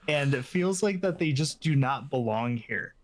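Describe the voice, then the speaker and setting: A man in casual podcast chat, explaining his views in a measured way with many fillers. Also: medium pitch, lively intonation. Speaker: podcast co-host.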